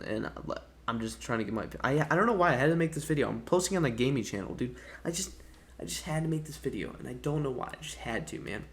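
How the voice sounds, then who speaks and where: A man's voice: mid-range voice, vocal fry. A man giving a casual, rambling review to camera as a gaming YouTuber. He talks in a frustrated, profane way and keeps tossing in "dude" and "man.".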